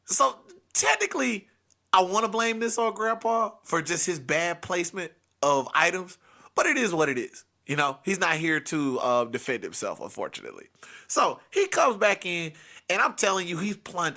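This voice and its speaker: Animated, gravelly comic storyteller man. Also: high voice, normal speed. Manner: animated, emphatic, dramatic swings in loudness. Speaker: podcast host. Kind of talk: comedic storytelling.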